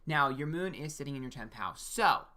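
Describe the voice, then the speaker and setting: A man's voice: fairly high pitch, animated, normal speed, bright, forceful tone. A man giving a casual, frank one-on-one birth chart reading as an astrologer, talking straight to the listener and checking in with "okay?" and the occasional swear.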